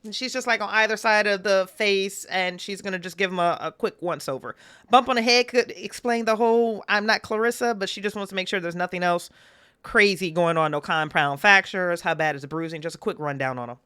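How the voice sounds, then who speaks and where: A woman playing an improvised tabletop game, bantering quickly and describing her character's actions. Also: medium pitch, a bit bright, smooth. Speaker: player.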